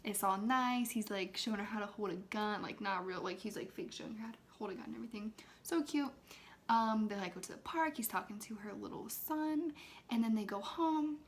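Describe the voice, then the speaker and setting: A woman's voice: medium pitch, fairly quick, slight background noise. A young woman chatting casually to her viewers as she retells a film, filling her talk with "like" and sometimes dropping into a whisper. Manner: loose and chatty, many "like"s, drops into whispers now and then. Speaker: ASMR creator talking to viewers.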